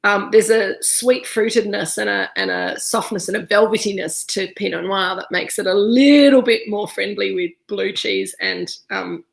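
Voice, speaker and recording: Aussie lady running a relaxed wine and cheese tasting, bit of vocal fry, chatty. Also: mid-range voice, normal speed, hardly any pauses. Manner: chatty, talks while chewing and eating. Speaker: winemaker leading a virtual tasting. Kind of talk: casual live wine-tasting class.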